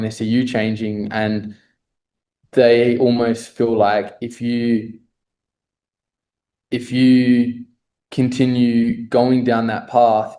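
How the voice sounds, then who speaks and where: A man's voice: medium pitch, warm tone. A man, a fitness coach, speaking as a podcast guest and telling a personal story in a reflective, earnest way with many fillers.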